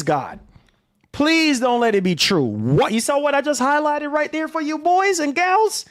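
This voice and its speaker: Male commentator, theatrical and pleading, slow, very lively pitch. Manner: theatrical, pleading exclamations and drawn-out emphasis. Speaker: gaming news commentator. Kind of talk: dramatic video commentary on news.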